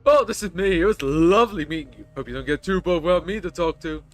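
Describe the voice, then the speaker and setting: Over soft background music, a game streamer reads the part of a talkative, rough man on a bus telling crude, rambling stories. The voice is natural, mid-range and quick.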